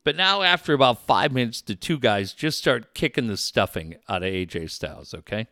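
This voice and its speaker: A middle-aged man hosting a sports talk radio show, telling a rambling, animated story with many restarts. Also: mid-range voice, moderate pace, no echo, clean studio sound. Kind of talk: casual talk radio chat.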